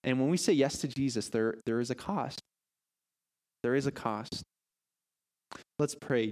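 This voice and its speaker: A man's voice: mid-range voice, measured pace, pauses often. A man preaching a sermon as pastor, playfully questioning his congregation before turning to prayer. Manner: lively, audience-engaging, playful questions. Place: church sanctuary.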